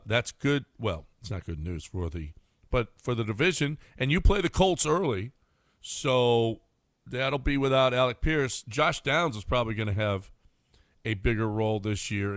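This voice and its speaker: A man's voice: mid-range voice, no echo, clean studio sound. A man hosting a sports radio show, chatty and easy-going, laughing often and trailing off as he talks. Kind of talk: casual sports talk. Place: radio studio. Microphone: studio mic.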